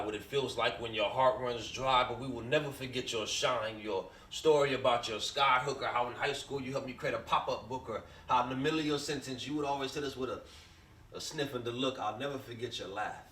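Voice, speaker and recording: A man at an open mic performing a rhythmic rhyming spoken word tribute, then speaking softly and hesitantly. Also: mid-range voice, steady tone, brisk, far from the mic. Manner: rhythmic rhyming delivery, soft hesitant when chatting. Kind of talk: spoken word poetry then casual remarks. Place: open mic at a poetry library. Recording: echoey room, heard from afar, faint noise.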